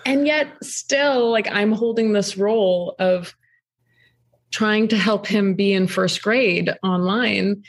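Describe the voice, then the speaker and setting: Speaking at medium pitch and taking her time, a woman in her thirties who co-founded a camp shares a story as a podcast guest. She's thoughtful and conversational, uses lots of ums, and livens up when retelling what happened.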